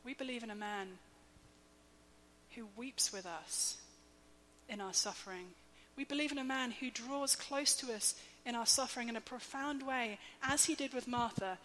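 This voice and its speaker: A woman in her thirties preaching a sermon, slow, measured and emphatic, with soft quiet dips. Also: on the high side. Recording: long hall reverb, faint hum.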